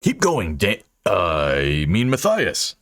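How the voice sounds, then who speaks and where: A man's voice: low-pitched, huge pitch swings, slow, fairly bright tone, heavily acted. A man voicing an earnest male barbarian who stumbles over his words.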